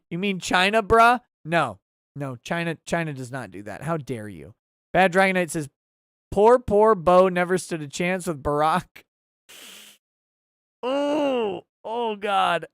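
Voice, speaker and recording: A man's voice: sits high, expressive, moderate pace, a bit bright, smooth, dry recording, clean studio sound. A man hosting a casual livestream talk show and reading viewer messages aloud with sarcasm and mock outrage.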